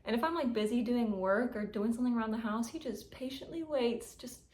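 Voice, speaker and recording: A woman's voice: a little high, brisk, a little mellow. Woman, cat vlogger, casual chat, gushing, giggly, echoey room at home. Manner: gushing, frequent likes and giggles. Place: at home indoors.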